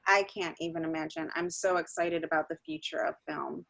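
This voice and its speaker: A woman's voice: lowish voice, fairly even intonation, brisk, creaky, a bit bright. A woman hosting a film festival, talking casually and enthusiastically. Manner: enthusiastic, thanking viewers. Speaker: festival host. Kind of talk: casual chat.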